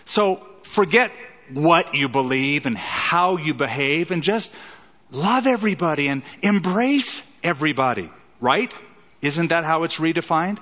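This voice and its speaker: A middle-aged man delivers a sermon with emphasis, tossing rhetorical questions to his listeners and acting out quotes. His voice sits a little high. The sound is muffled and trails off into the long reverb of a large hall. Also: expressive, a little slow, a bit bright. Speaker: pastor.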